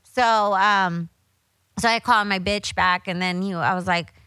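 A woman's voice: mid-range voice, unhurried, clean tone, no echo, low-quality recording. A woman hosting a casual chat show, telling a story with lots of swearing and acting out what people said. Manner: profane, animated storyteller acting out quotes. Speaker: podcast host.

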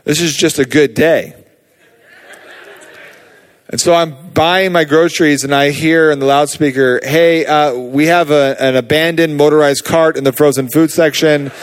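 A man preaching, telling a personal healing story in a casual, animated way with many fillers. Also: fairly high pitch, moderate pace, hardly any pauses, clean tone. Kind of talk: sermon testimony.

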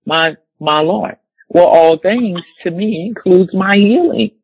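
A man preaching a sermon, reading scripture slowly and repeating key words for emphasis. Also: high voice, husky, no room sound, lo-fi sound.

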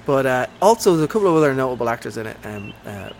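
A man's voice: mid-range voice, very animated, rapid-fire, vocal fry, slight background noise. A man hosting a casual movie chat, enthusiastic and rambling with lots of fillers.

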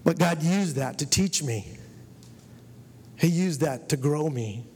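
A man's voice: fairly high pitch, animated, slow, a little mellow, husky. A man giving an earnest personal testimony to a church congregation, telling his story and urging the listeners. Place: church hall. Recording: long reverb of a church hall.

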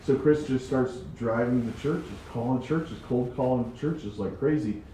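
A man's voice: medium pitch, unhurried. A man teaches a church Bible study and acts out the voices he quotes. He is recorded from a distance, and his voice rings in a very echoey room. A faint hum runs underneath. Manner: animated preaching with acted-out quotes. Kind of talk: sermon.

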